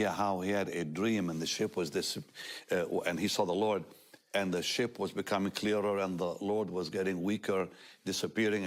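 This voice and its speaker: An older man speaking as a talk show guest, telling a personal testimony in an animated way, often laughing and acting out what others said. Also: sits low.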